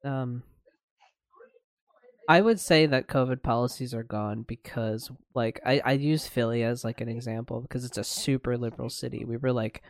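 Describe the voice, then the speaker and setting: A man co-hosting a podcast talks in a loose, rambling way, filling gaps with "like" and "um". His voice sits at a middling pitch, and he is recorded dry with no room echo. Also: moderate pace. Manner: rambling, filler-heavy talk with laughs. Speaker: podcast co-host. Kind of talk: casual podcast chat.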